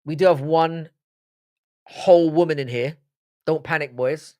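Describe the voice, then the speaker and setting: A man's voice: a little high, a little slow, mellow. A man with a London accent hosting a live stream, chatting casually, reading the chat aloud and trading crude banter. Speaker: livestream host.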